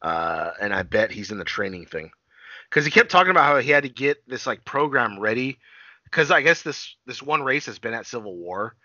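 A man recapping a TV episode in relaxed podcast banter. His voice is very bright and swings widely in pitch as he swears and acts out scenes in quoted voices. The recording is dry and a little dull. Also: normal speed, no room sound. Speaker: podcast co-host. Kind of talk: casual chat recapping a TV episode.

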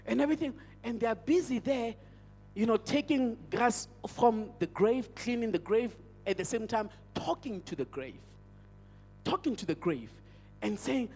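A man's voice: very high-pitched, lively intonation, unhurried, darkish tone, breathy edge. A male pastor with a South African accent, preaching a sermon as an emphatic storyteller who repeats his phrases. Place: church hall. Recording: church hall with long reverb.

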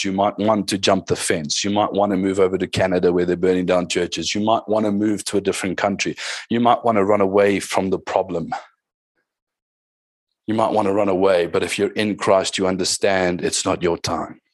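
A man with a low voice preaches a sermon, rising into emphatic calls to his congregation. His sound is close and dry, with no room echo. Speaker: pastor.

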